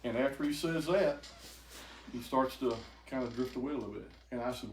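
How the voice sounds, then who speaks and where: An older man telling an emotional personal testimony to a group, halting and repeating words as he goes. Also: mid-range voice, a little mellow. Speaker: speaker giving a testimony. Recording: echoey room, faint noise.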